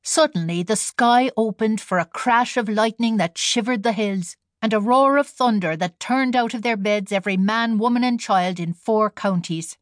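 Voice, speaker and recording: A woman's voice: fairly high pitch, moderate pace, few pauses, no echo. Woman narrating a story, dry close sound. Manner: storytelling read with voiced characters. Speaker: audiobook narrator. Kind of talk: scripted narration.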